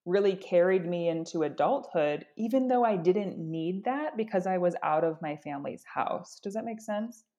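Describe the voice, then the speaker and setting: A woman's voice: on the low side, expressive, normal speed, few pauses, dark tone. A middle-aged woman sharing personal experience in an earnest, self-reflective way, often restarting her sentences. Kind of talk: candid conversational sharing.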